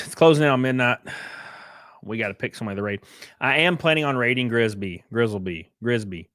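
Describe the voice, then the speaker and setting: A man's voice: mid-range voice, a bit bright, no echo, studio quality. A man with an American accent, chatting casually with his live-stream viewers in a rambling, laid-back way and cursing now and then. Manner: sings snatches of a theme song.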